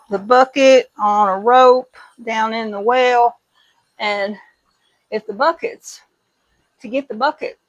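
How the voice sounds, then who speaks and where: A woman's voice: a little high, no room sound, low-quality recording. A middle-aged woman with a Midwestern accent that slips into Kentucky country twang, chatting casually in her kitchen while doing dishes, rambling and folksy as she tells stories. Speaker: homesteading vlogger. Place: home kitchen.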